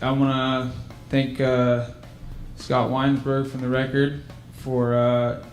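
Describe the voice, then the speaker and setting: A man's voice: mid-range voice, monotone, takes it slowly. Rambling fighter man, loose talk. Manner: loose, rambling, hesitant with many fillers. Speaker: professional fighter. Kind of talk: casual press interview.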